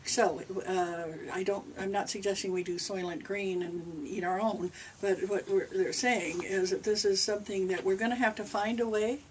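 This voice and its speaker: A woman's voice: mid-range voice, steady tone, moderate pace, hardly any pauses. An older woman, a reverend, answering questions from a small group in a loose, rambling way and relaying what a spirit says. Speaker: channeling reverend. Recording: distant mic with faint noise.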